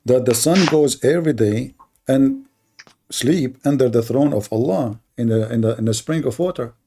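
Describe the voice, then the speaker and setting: A man hosts a call-in debate and needles his callers with sarcasm, often tripping over his own words. His voice is husky and gravelly, with a dark tone. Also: medium pitch, moderate pace. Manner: mocking, sarcastic, repeats himself with stammered restarts. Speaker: host of a call-in debate stream.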